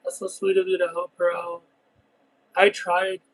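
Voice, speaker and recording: A high-voiced man in no hurry hosts a casual livestream, eating and reading chat as he rambles expressively through long stories crammed with details. The recording is rough.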